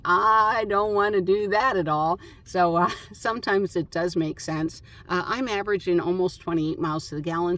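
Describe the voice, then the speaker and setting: A woman vlogger chatting casually about her travels, rambling with lots of fillers. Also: lowish voice. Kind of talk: casual chat.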